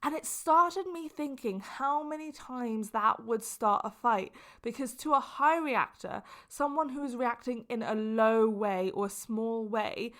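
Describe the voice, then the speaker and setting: Young female podcast host, lively, exaggerating storyteller, slightly high pitch. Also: unhurried, hardly any pauses. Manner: animated, exaggerating storyteller who laughs often. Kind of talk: casual solo podcast talk.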